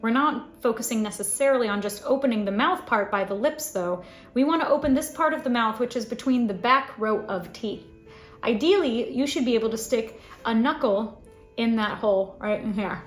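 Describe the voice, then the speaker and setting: Woman, voice teacher, fairly high pitch, clear instructive delivery, faint music behind. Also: lively intonation, moderate pace, echoey room. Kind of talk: scripted vocal lesson.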